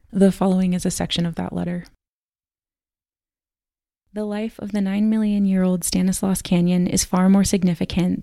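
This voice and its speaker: A woman podcast host reading measured, scripted documentary narration. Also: fairly low pitch, vocal fry, dark tone, no room sound, studio quality.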